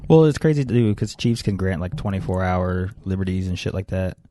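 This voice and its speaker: A young man tells a story in a relaxed podcast chat, swearing freely. His voice sits a little low and sounds dark and mellow. The room sounds dry. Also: fairly quick, no room sound. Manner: profane, animated storyteller. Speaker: podcast co-host.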